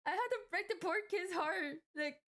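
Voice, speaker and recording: A woman's voice: very high-pitched, measured pace, fairly bright tone. A young woman telling a work story casually, with rambling restarts and frequent fillers. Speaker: vlogger.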